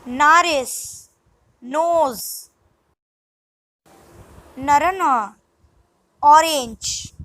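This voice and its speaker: Woman, language lesson, measured word-by-word reading, dry sound. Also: high-pitched, a bit bright, dry recording, poor audio. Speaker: language teacher. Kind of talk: scripted vocabulary lesson.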